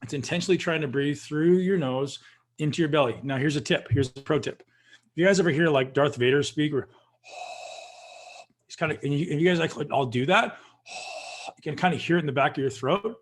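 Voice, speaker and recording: A man guest on a video call, calmly guiding listeners through a breathing practice and addressing them directly. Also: fairly high pitch, fast talker. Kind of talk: coaching instruction.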